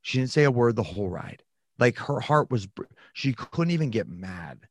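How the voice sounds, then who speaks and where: A man's voice: mid-range voice, very animated, normal speed, dry recording. A man frankly recounting a personal story in conversation. He talks reflectively and often restarts his sentences.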